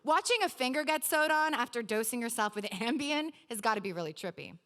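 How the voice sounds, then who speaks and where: A woman reading her own personal essay aloud at a live literary event, wry and lively, with quick asides. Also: a little high.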